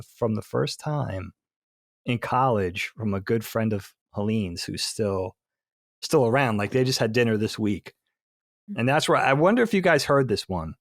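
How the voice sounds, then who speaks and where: Man with a gravelly voice. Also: mid-range voice, no room sound, clean studio sound. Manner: rambling, self-correcting storyteller. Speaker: podcast co-host. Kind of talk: casual chat, telling a long joke.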